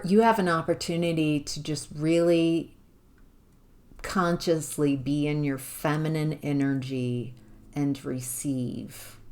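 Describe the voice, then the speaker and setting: A woman giving an intuitive tarot reading to the viewer, musing and halting, with sudden exclamations of surprise. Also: deep voice, a little mellow. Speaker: tarot reader.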